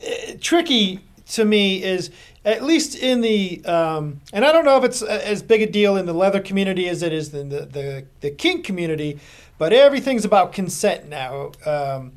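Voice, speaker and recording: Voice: medium pitch, very animated, moderate pace. Hesitant, rambling interview host. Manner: rambling, hesitant questions with many "um"s. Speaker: podcast host. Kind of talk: casual interview questions.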